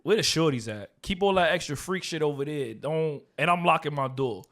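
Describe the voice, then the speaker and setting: A man with a fairly high voice, talking loosely on a podcast. He jokes loudly and animatedly, with quick bursts of slang. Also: animated. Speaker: podcast co-host. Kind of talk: casual chat.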